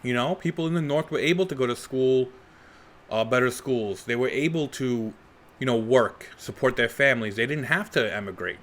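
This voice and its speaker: A middle-aged man from Brooklyn with a New York accent, hosting a solo podcast and talking in an animated, conversational, rhetorical way. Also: medium pitch, moderate pace. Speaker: podcast host and comedian. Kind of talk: unscripted solo podcast monologue.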